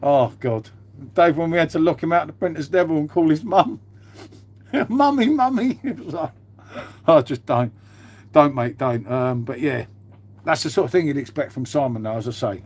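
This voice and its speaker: A man's voice: fairly high pitch, moderate pace, a little mellow. A man, host of his own livestream, chatting casually and swearing freely. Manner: blokey, swears freely, says "mate" a lot.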